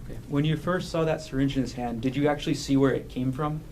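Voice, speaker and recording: A man questioning a witness in a courtroom, asking measured, formal questions. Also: medium pitch, fairly even intonation, crowd noise. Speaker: prosecutor.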